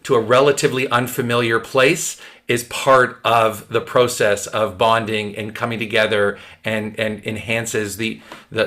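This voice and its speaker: A man who owns a camp, reflecting on how his team gets together, pausing and searching for words as he talks. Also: fairly low pitch, a bit bright. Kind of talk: casual podcast conversation.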